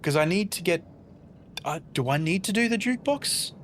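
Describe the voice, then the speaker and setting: A man with a high, animated voice talks at normal speed while casually streaming a game, slight background noise audible. Between moves he reads and responds to chat and playfully mutters to himself.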